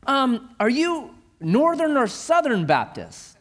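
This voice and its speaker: A man's voice: very high-pitched, huge pitch swings, takes it slowly, fairly bright tone, voice pushed up, heavily acted. A man voicing an eager, nosy male rescuer in a sermon joke, asking prying questions in a raised, chirpy voice.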